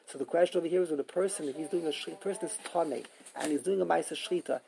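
Gravelly man teaching a Talmud class. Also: fairly high pitch, racing, mellow, low-quality recording. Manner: repetitive, emphatic explaining, mixing Yiddish and Hebrew terms.

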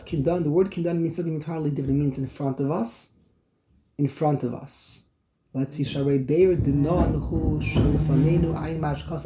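Man teaching a text class, mellow voice. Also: a little high. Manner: reads Hebrew phrases aloud then translates and explains them, with repeats and restarts. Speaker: Torah teacher. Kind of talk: text study class explaining Hebrew and Aramaic commentary.

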